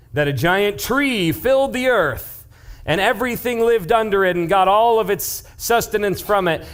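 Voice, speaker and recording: A young man, a youth pastor, preaching in a casual, animated way, retelling a story and dropping into hushed asides. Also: high voice. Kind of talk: youth-group sermon storytelling.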